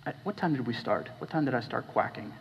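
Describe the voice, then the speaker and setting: A man preaching a sermon as pastor, talking with the congregation and asking them questions, his voice dropping low and then rising. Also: expressive, fast, creaky, a little hiss or hum. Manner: conversational, questioning the congregation, shifting between hushed and raised. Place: church hall. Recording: dull recording with long hall reverb.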